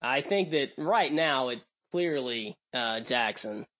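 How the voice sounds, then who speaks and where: A man's voice: medium pitch, lively intonation, slow, fairly bright tone. A man co-hosting a sports podcast, stumbling over his words and repeating himself with chuckles. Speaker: podcast co-host. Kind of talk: casual sports chat.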